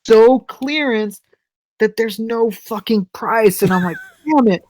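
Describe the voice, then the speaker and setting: A man's voice: high-pitched, slow, darkish tone, no room sound. A man co-hosting a podcast, telling a story in casual chat, swearing freely and acting out what people said. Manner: profane storyteller, acts out quotes. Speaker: podcast co-host.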